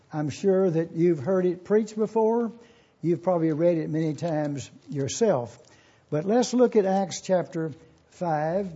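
A man preaching a sermon, teaching in a measured, formal pulpit manner and reading scripture aloud. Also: a little high, warm tone, breathy edge, muffled recording.

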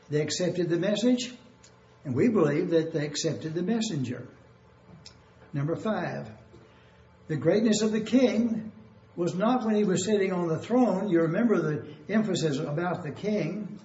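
Male preacher, high voice, methodical numbered-point sermon, echoey lo-fi church recording. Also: mellow. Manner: numbered points, deliberate repetition. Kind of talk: expository sermon. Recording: echoey room, dull lo-fi sound.

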